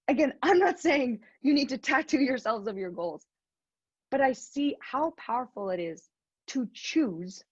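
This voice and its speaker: A young woman giving an earnest, animated motivational talk, telling a story and laughing now and then. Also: a little high, breathy edge, dry recording, dull audio. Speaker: motivational speaker.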